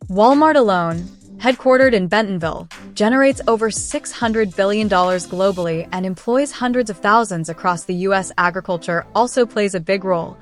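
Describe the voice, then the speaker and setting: Female narrator, mid-pitched, polished scripted read, faint music bed. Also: brisk, hardly any pauses. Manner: smooth, evenly paced read with no fillers. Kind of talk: scripted documentary-style narration.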